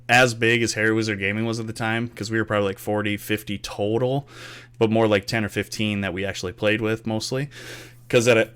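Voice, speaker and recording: A young man hosts a casual podcast, telling gaming stories in a lowish, clean-toned voice. He's an animated storyteller who swears freely and acts out quotes in this relaxed storytelling chat.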